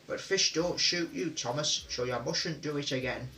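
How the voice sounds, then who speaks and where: A man's voice: on the high side, normal speed, sharp tone, distant mic, soft background music, poor audio. A man voicing a stern but kindly male railway boss, firm and authoritative.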